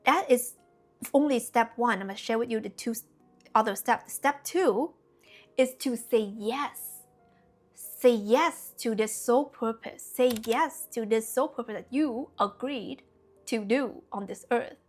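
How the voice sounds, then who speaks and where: A woman's voice: fairly high pitch, unhurried, soft background music. A woman spiritual coach talking casually to her viewers, earnest and chatty, often adding "you know" and "okay?". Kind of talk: casual spiritual talk to camera.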